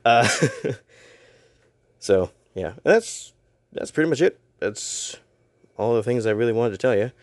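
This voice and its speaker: A man's voice: medium pitch, expressive, slow, pauses often, no echo, studio quality. A young man casually talking to camera in a vlog, rambling a little and tripping over his own words. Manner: rambling, self-deprecating, stumbles over words. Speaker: YouTuber and voice actor.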